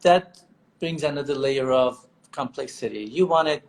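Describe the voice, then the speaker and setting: A man's voice: medium pitch, normal speed, slight background noise, low-quality recording. A man, a surgeon guest on a live video chat, talking earnestly and repeating words as he sorts out his thoughts. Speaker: hair transplant surgeon, guest. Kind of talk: casual live-stream chat. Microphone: video call.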